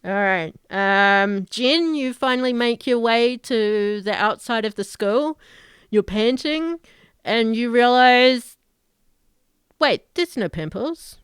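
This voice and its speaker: A woman's voice: on the high side, slow pace, smooth, dry recording, clean studio sound. A woman narrating as game master of a tabletop game, playful and laughing often.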